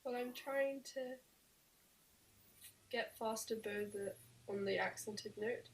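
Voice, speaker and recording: A woman taking part in a violin masterclass as a student. Her fairly high voice gives short, soft-spoken answers. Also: takes it slowly, creaky, poor audio.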